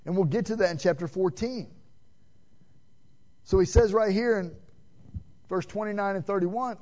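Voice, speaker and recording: A man preaching a sermon, asking the congregation questions and swinging between loud emphatic calls and hushed, quiet passages. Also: sits high, moderate pace, long pauses. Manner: direct, addresses listeners with "man" and rhetorical questions. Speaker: pastor. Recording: dull lo-fi sermon recording.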